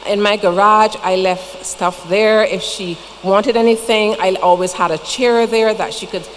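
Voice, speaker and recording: A woman's voice: mid-range voice, fairly even intonation, unhurried. A woman with a Barbadian accent giving a funeral tribute in a church, telling folksy stories with chatty asides. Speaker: eulogy speaker. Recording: long church reverb, faint noise.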